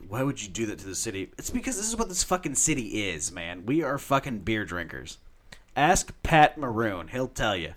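A man co-hosting a podcast, ranting loudly and profanely in casual chat. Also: fairly low pitch. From United States. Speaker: podcast co-host.

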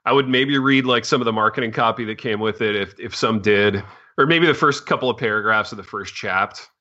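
A man's voice: lowish voice, a little fast, pushed and bright, highs cut off. A man co-hosting a podcast in casual chat, laid-back and jokey, tossing in slang like dude. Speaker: podcast co-host.

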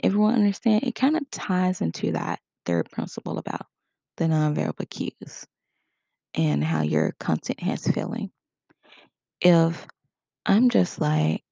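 A woman's voice: on the low side, vocal fry, warm tone, dry recording. A woman giving a casual spoken lesson in a conversational way, acting out short example quotes. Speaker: instructor.

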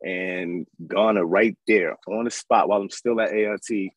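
A man in his thirties from New York, telling his life story as an interview guest in an animated, casual way. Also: on the low side, moderate pace, no room sound, poor audio. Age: 30s. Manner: animated, acts out voices in his stories.

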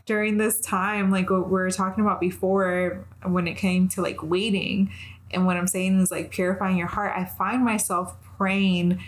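Female guest, earnest and reflective, halting delivery with frequent fillers. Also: medium pitch, flat delivery. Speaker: podcast guest. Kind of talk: casual faith chat.

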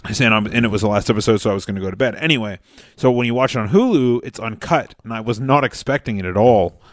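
A man's voice: on the low side, fast, no room sound, clean studio sound. A young man in casual chat, telling an anecdote with swearing, laughter and stammered restarts.

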